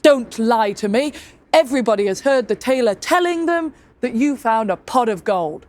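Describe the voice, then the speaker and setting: A woman's voice: a little high, animated, moderate pace, natural voice. A woman voicing a stern, greedy male lord who gives commands.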